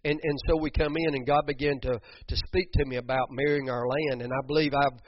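A man's voice: mid-range voice, steady tone, fairly quick, lo-fi sound, a little hiss or hum. A middle-aged man preaching a sermon, fervent, repeating phrases for emphasis and restarting his sentences often. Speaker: pastor.

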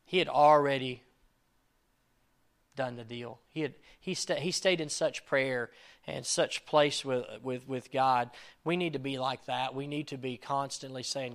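A man preaching a sermon in an earnest way, swinging between loud emphasis and quiet asides and acting out quoted prayers. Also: medium pitch, steady tone, a little slow. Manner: acts out quoted prayers and lines. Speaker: pastor.

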